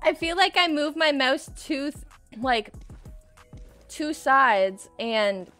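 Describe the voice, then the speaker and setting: A young woman doing casual commentary while playing a shooter game, excitable and screaming often, laughing and swearing between calmer stretches. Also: sits high, slow pace, soft background music. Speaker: gaming streamer.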